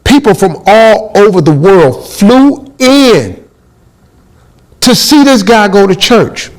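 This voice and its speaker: A middle-aged man telling a comic story in a lively way, acting out quotes and exclaiming as he goes. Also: high-pitched, slow pace, low-quality recording.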